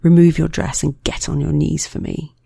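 Narrator voicing a menacing older dom in an audio story, gravelly and dry. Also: little pitch movement, moderate pace, warm tone, no room sound. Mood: commanding. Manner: low, menacing commands. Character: commanding older dominant man.

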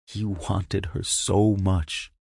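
A man narrating an erotic audio story with a slow, hushed, lingering delivery on a close mic. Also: deep voice, steady tone, gravelly, slightly rough, dry recording.

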